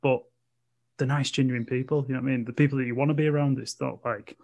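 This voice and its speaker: Yorkshire man, newer streamer, laid-back, conversational, mid pitch. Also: quick pace. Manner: relaxed, says "you know what I mean", "innit". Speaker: streamer, podcast guest. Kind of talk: casual chat.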